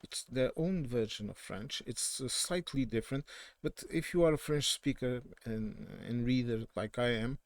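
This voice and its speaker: A man from southern Portugal, speaking with a Portuguese accent, offers casual, opinionated political commentary that wanders off on tangents. He often corrects himself mid-sentence, and his mid-range voice has no echo.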